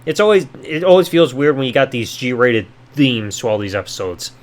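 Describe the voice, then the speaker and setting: A man's voice: medium pitch, sing-song, normal speed. A male podcast host recapping a show in casual commentary, sarcastic and offhand, with some swearing.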